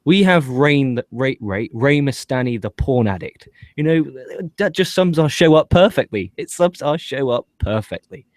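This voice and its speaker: A man talking wrestling on a podcast in a profane, rambling, excitable way. His voice sits at an ordinary middle pitch. The sound is dry and close, with no room around it. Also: normal speed, few pauses, no echo. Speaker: podcast co-host. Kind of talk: casual wrestling review chat.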